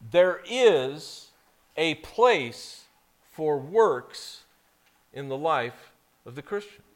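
A man preaching a sermon as pastor, reading scripture slowly and then preaching with strong emphasis. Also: a little high, expressive. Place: church sanctuary.

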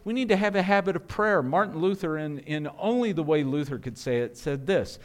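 Earnest male pastor preaching, raised pitch. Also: fairly quick, few pauses. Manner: earnest preaching with rhetorical questions and frequent restarts. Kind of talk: sermon.

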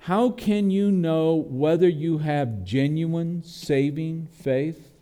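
A man's voice: a little high, takes it slowly, warm tone, clean tone. A man preaching a sermon as pastor, earnest and building to emphatic peaks.

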